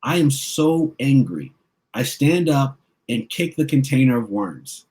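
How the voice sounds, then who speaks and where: Man, children's author, reading aloud, expressive first-person narration. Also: medium pitch, measured pace. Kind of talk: reading a picture book aloud.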